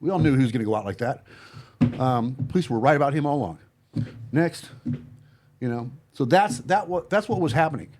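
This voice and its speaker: A man telling a personal story to friends in casual talk, blunt and profane, halting often with fillers and restarts. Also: mid-range voice, expressive, a little mellow, a little hiss or hum. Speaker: podcast guest telling his story.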